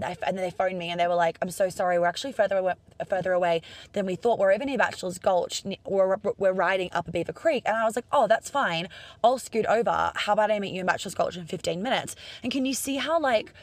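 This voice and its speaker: A woman's voice: medium pitch, fast talker, no echo. A young Australian woman with an Australian accent, talking casually to camera in a chatty, upbeat, profane way and acting out bits of dialogue.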